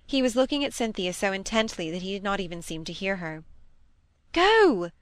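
A woman giving a steady, even reading as an audiobook narrator. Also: mid-range voice, quick pace, no room sound. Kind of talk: scripted narration.

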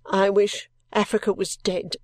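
A woman's voice: medium pitch, flat delivery, measured pace, darkish tone, no room sound, clean studio sound, close to an everyday voice. A woman doing a sulky teenage girl. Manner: blunt, sullen and resentful. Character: sulky, gloomy ink-stained teenage girl.

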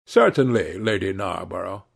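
A man reading aloud and voicing a witty, cynical aristocratic gentleman with a dry, drawling delivery. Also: low voice, animated, normal speed, gravelly, breathy edge, full character voice. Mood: amused.

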